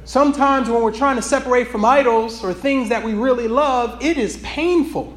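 A man's voice: extremely high pitch, normal speed, a little hiss or hum. A man preaching in a loose, rambling way, with many restarts, before reading from a book. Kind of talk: sermon with read excerpt.

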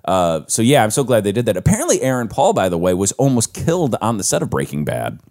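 Male podcast co-host, low voice with a lively, swinging delivery, profane and animated. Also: fast. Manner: animated, profane, jumps into shrill mock voices for quotes. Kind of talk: casual chat.

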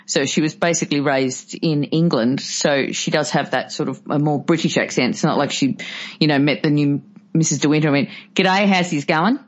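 A chatty woman talks about an old film with enthusiasm, her voice sitting a little low. The sound is dull and lo-fi, like a home podcast recording. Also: steady tone, fairly quick. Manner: chatty and enthusiastic, breaks into funny impressions. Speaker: podcast guest. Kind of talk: casual film discussion.

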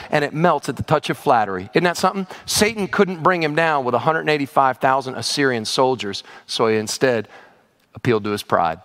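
Animated, gravelly-voiced male preacher. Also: on the high side. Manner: animated, conversational, playful asides. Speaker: pastor. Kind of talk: sermon.

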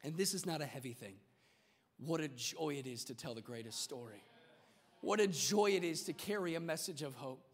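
A male pastor with a high voice preaching a lively sermon, mixing humor into a casual, conversational delivery. The sound carries a long reverb from a church sanctuary. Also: moderate pace.

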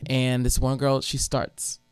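A young man, a teacher, telling animated stories in casual chat, swearing and laughing often. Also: mid-range voice, measured pace, smooth, no room sound. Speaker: teacher and podcast co-host.

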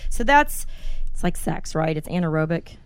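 A woman's voice: deep voice, moderate pace, clean tone, dry recording. Woman in her 40s hosting a chatty podcast, blunt and sweary, dry close sound. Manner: animated, blunt storytelling with swearing. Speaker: podcast host. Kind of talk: casual podcast chat.

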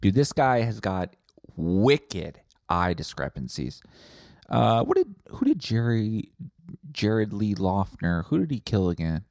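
A podcast host runs a comedy show, hopping from tangent to tangent and swearing freely. His voice is lowish, sing-song, slow and a little mellow, captured with clean studio sound and no echo.

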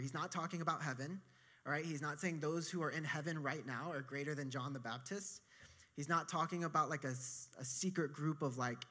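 A man preaching a sermon in a relaxed, conversational way, with casual asides and quick self-corrections. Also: fairly high pitch. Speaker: pastor.

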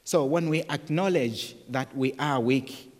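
A man's voice: mid-range voice, measured pace, big-room sound. A man preaching a sermon in an earnest way, often repeating words and restarting phrases.

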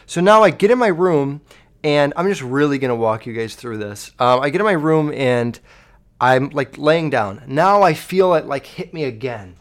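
A young man talks straight to his viewers in a loose, rambling way, cursing freely. His voice sits a bit higher than most men's. He keeps slipping into quoting his own frantic thoughts as the story goes on. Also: expressive, moderate pace. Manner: rambling, swears a lot, acts out his own panic. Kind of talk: casual storytelling to camera.

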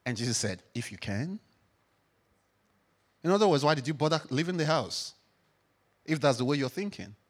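A man preaching a sermon as pastor, emphatic, swinging between loud declarations and quiet reflection. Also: on the high side, very animated, moderate pace, pauses often.

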